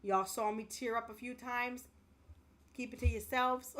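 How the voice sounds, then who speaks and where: A woman's voice: on the high side, steady tone, a little slow, fairly bright tone. A woman livestreamer chatting with her viewers, speaking in an impassioned, earnest way. She is emotional and close to tears, and she repeats herself as she talks. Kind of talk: casual livestream chat with viewers.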